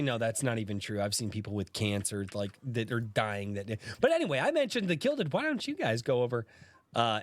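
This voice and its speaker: A man hosting a casual livestream podcast, sick with a sore throat and cough, greeting viewers by name and laughing through his coughing. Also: medium pitch. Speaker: podcast host.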